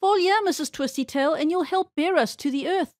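A woman's voice: high voice, brisk, dry recording, studio quality, voice pushed up, lightly acted. A woman voicing a fretful muskrat lady housekeeper in a storybook read-aloud, in a raised, anxious voice.

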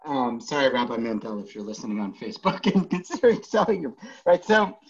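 A man's voice: mid-range voice, animated, brisk, breathy edge, dull audio. A man, a rabbi, teaching a Talmud class in an informal way, joking and thinking aloud with many fillers.

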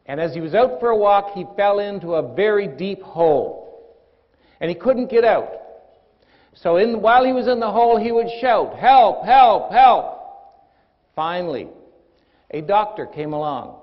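A motivational speaker, a man, tells a fable to an audience with measured storytelling and pauses. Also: high voice, lively intonation. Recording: dull recording with long hall reverb.

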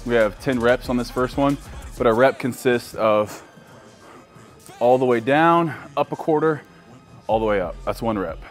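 A man's voice: mid-range voice, moderate pace, pauses often, soft background music. A man vlogging casually through a tiring leg workout at the gym, joking at his own expense. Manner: joking, self-mocking. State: tired, worn out from training. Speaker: fitness vlogger. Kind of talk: casual vlog chat during a workout.

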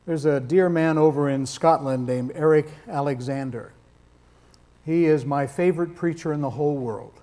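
A man's voice: fairly high pitch, moderate pace, dark tone. A man preaching a sermon in a conversational, emphatic way with touches of dry humor.

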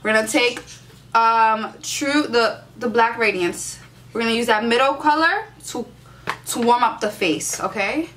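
Sassy, slow-talking young woman vlogger. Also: on the high side, a bit bright, a little hiss or hum. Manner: sassy, profane, playful, hypes herself up. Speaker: beauty vlogger. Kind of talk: casual makeup tutorial chat.

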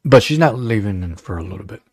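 A man's voice: fairly low pitch, lively intonation, fast talker, husky, dry recording. A man hosting a casual livestream show, rambling and joking with lots of fillers. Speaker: show host.

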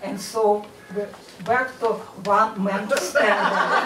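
A woman with a Russian accent doing a stand-up set on a comedy club stage, with a dry, measured delivery. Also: medium pitch, steady tone, distant mic, heavy background noise. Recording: echoey club, mic heard from afar.

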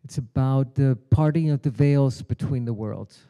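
A man's voice: medium pitch, moderate pace, dark tone. A middle-aged man giving a keynote spiritual teaching, telling a parable and voicing its characters' lines. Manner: storytelling, acts out the characters' lines. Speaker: keynote speaker. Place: conference hall.

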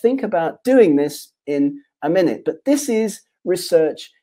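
Male webinar presenter, mellow warm voice, restates ideas in lists. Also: high voice, big pitch swings, a little slow. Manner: restates points in repeated lists of phrases. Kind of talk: online presentation to researchers.

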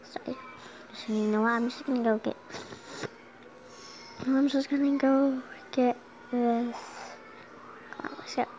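A woman's voice: on the high side, fairly even intonation, measured pace, long pauses, darkish tone, highs cut off, a little hiss or hum. A young girl casually talking through a game at home, chatty and giggly, sometimes humming along. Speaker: gameplay commentator. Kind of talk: casual gameplay commentary. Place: home room.

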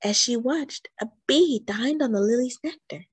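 A woman hosting storytime, reading a children's book aloud with expressive, animated storytelling. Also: a little high, normal speed, breathy edge, no room sound. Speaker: storytime host.

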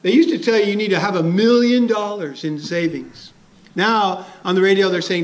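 A man's voice: high voice, normal speed. A man preaching a sermon as a pastor, conversational and chuckling, asking his listeners questions.

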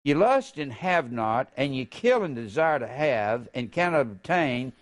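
There's a sing-song quality to this older man's impassioned sermon; he lingers slowly over key phrases and suddenly bursts out loud and high.

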